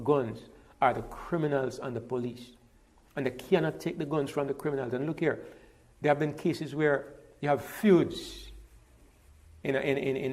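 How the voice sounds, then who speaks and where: A man's voice: a little high, a little mellow. A middle-aged man from Jamaica, talking in a conversational monologue, emphatic and repeating words as he builds a point. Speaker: interviewee.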